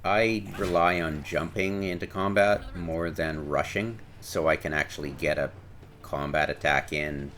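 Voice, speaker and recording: A man with a very low voice talks casually over his gameplay, rambling and restarting his sentences. A faint hiss of background noise sits under his voice. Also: fairly even intonation, measured pace, fairly bright tone. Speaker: gameplay commentator. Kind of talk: casual game commentary.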